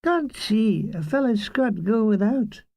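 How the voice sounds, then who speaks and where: A man's voice: high voice, animated, slow, creaky, mellow, voice pushed up, heavily acted. A man putting on a flirty Scottish army lass. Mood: kindly.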